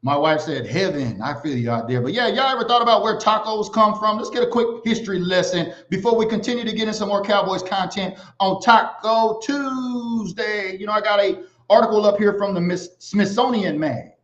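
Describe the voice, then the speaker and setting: High-voiced animated man hosting a livestream. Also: a little fast, hardly any pauses. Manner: animated, gives shout-outs to viewers. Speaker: livestream host. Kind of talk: casual livestream chat. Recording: echoey, slightly dull sound.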